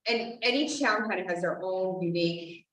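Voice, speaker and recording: A woman giving a hesitant update at a public board of health meeting, with many pauses and restarts. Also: medium pitch, a bit bright. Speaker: board of health member, alternate regional representative. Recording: roomy echo, distant mic.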